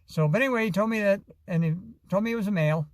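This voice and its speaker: A man's voice: high-pitched, rapid-fire, no room sound. A man from Arizona, telling a long, rambling story with many fillers and restarts in a casual vlog. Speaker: vlogger.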